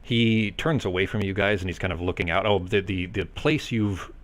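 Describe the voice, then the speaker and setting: A man's voice: low voice, steady tone, normal speed, fairly bright tone. A man narrating as game master in a loose, hesitant way with many fillers.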